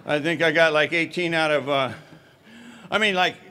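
A man's voice: fairly high pitch, fairly even intonation, normal speed, sharp tone, clear, resonant tone. A middle-aged man telling his own recovery story, chatty and wry, with many fillers. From Southern California. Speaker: speaker sharing recovery story. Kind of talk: personal recovery talk.

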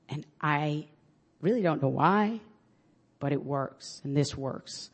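A woman with a New York accent giving an earnest, halting personal share at a support group meeting, with many restarts and fillers. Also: deep voice, expressive. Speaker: public defender sharing at a recovery meeting.

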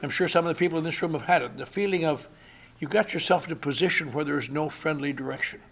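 Gravelly older man telling wry stories. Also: on the high side, quick pace, background noise. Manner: wry storytelling, dry humor. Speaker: speaker sharing his story. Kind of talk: recovery meeting talk. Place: convention hall.

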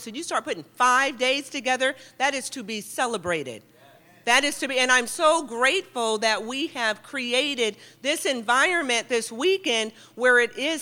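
A middle-aged woman giving a lively, joking and heartfelt talk to an audience in a meeting hall. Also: sits high. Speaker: guest speaker at a recovery meeting.

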